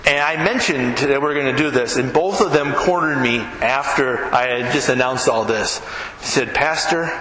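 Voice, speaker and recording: A man preaching in a church, his voice a little high and bouncing off the walls of a big echoey hall. He tells stories with plenty of energy, acts out the lines of the people in them, and turns to the audience with questions. Room noise hums behind him. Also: normal speed. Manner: animated, talks with the audience, acts out quotes. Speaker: pastor. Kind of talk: sermon with storytelling.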